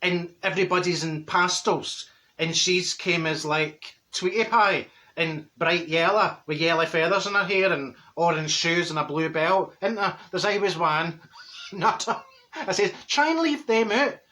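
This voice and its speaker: A blunt, gossipy middle-aged Glasgow woman, played by a man, rattles through stories in a broad Glaswegian accent. The voice is bright and forceful, pushing every punchline. She chuckles at her own tales as she goes. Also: high-pitched, measured pace. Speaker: comic character. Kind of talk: comic monologue to camera.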